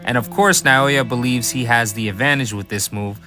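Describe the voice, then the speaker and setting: A man's voice: medium pitch, moderate pace, over music. A man narrating an anime story recap as commentary, swearing freely and tossing hyped, sarcastic asides to his viewers.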